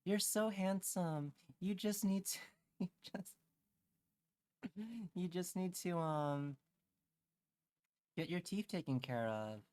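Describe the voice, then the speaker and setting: A man voicing a woman dental nurse who flatters in a sugary, cooing way. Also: high voice, slow, pauses often, clear, resonant tone, no echo, voice pushed up.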